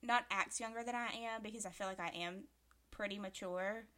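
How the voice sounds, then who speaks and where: A woman's voice: medium pitch, fairly even intonation, a little fast, bright, forceful tone. A woman in her late twenties co-hosting a podcast, chatting casually, full of filler words and easy swearing. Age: late 20s. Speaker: podcast co-host. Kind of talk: casual chat.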